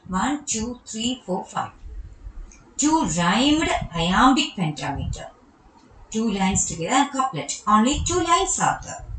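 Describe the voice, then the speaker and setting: A woman's voice: medium pitch, fairly bright tone, reverberant, a little hiss or hum, poor audio. A woman with a Malayali accent teaching a poetry lesson, explaining step by step and repeating key terms. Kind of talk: recorded online lecture on poetry.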